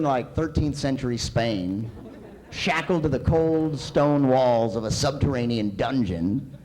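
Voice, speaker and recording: A man's voice: on the high side, a little mellow. A male comedian performing a stand-up set live on a community center stage, with a dry, wry delivery.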